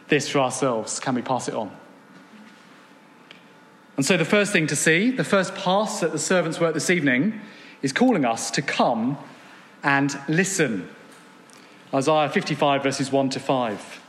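A man's voice: on the high side, lively intonation, normal speed, a bit bright. A man preaching an evening sermon, earnest, reading scripture aloud and asking rhetorical questions. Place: church gathering room. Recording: long hall reverb.

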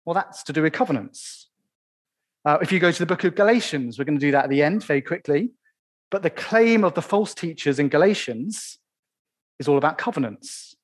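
A man preaching a sermon in church, stressing key phrases slowly and asking the congregation rhetorical questions. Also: fairly high pitch, animated.

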